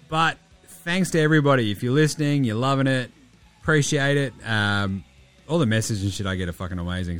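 An Australian man in his thirties hosts a basketball podcast. He talks in a loose, rambling way and swears constantly, and he sounds a bit tipsy. Faint music sits in the background. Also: mid-range voice. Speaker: podcast host. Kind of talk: casual podcast chat.

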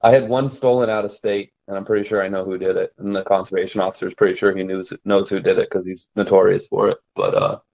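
A man's voice: low-pitched, flat delivery, quick pace, creaky, hardly any pauses, a little mellow, highs cut off. A young adult man, a trapper and guest, telling stories in a casual, rambling way, often restarting and laughing at his own tales. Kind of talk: casual storytelling in conversation.

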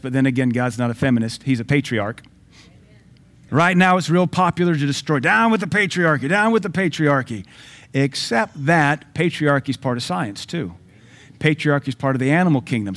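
A man preaching a sermon as pastor, emphatic, swinging between loud declarations and quieter asides. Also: a little high.

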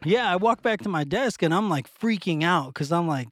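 Animated, laughing man telling stories. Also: a little high, brisk, few pauses, no room sound. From West Phoenix, Arizona. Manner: animated, laughing storyteller, slangy, many "like"s. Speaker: teacher, podcast co-host. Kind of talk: casual storytelling chat.

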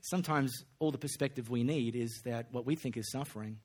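Aussie pastor with a folksy, joking delivery in a mid-pitched voice. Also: male voice, fairly quick, hardly any pauses, darkish tone, breathy edge. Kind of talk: sermon.

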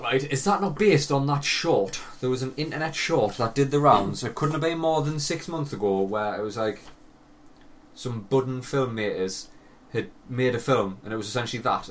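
A young man, co-hosting a podcast and telling stories animatedly, swearing and laughing a lot. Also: medium pitch. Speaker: podcast co-host. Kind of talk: casual chat. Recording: voice a bit distant from mic, faint hiss.

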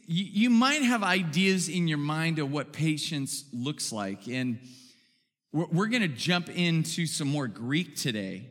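Bright-voiced stammering pastor preaching. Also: male voice, high voice. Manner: conversational, stammering restarts, acts out quotes. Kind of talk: sermon. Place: church hall. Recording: reverberant church hall.

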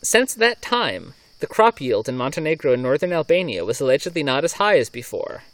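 A man's voice: fairly high pitch, very animated, fairly quick, dry recording. A man hosting a podcast, telling folklore stories in a casual, chuckling way. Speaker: podcast host. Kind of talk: casual chat and folklore storytelling.

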